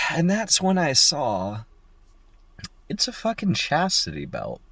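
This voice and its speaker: A man's voice: fairly high pitch, takes it slowly, creaky, dry recording. A young man, a locksmith, telling a work story in a casual, profane way and mimicking the people in it. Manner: profane, animated, mimics voices in quotes.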